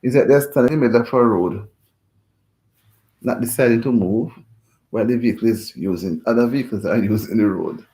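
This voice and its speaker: A man's voice: medium pitch, a little fast, pauses often, dark tone. A man hosting a casual livestream chat, talking in a rambling, indignant way and repeating himself.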